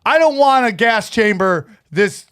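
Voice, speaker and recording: A middle-aged man hosting a podcast, loud and rambling as he tells crude comic stories. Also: high-pitched, animated, unhurried, clean tone, dry recording, studio quality. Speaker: podcast host. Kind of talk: casual comedic chat.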